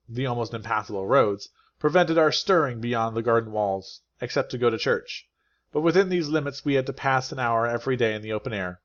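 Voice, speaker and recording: A man's voice: mid-range voice, dull audio. Man narrating an audiobook steadily. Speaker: English teacher reading a novel aloud.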